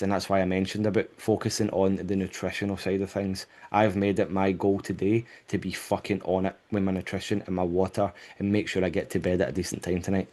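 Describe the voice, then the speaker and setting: A man hosts a podcast over a remote call. His voice sits a bit low, and he chats casually with plenty of enthusiasm and the odd swear word. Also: a little mellow. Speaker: podcast host.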